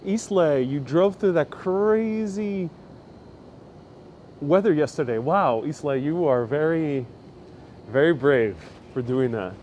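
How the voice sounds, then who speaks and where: A slightly high-voiced man with a New York accent narrates a live walk through the city streets, reading and answering viewers' messages in a friendly, chatty way. Faint city traffic hums behind him outdoors. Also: expressive, slow pace, long pauses, a little mellow, muffled recording. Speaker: host of a live city walking tour. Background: faint street ambience and passing traffic.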